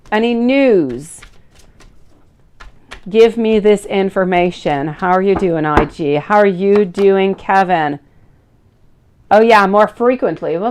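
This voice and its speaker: Woman, thirties, tarot reader, live-stream chat, affectionate, calls people sweetie, mid-pitched voice. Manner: warm, affectionate, chatty, calls viewers sweetie and beautiful.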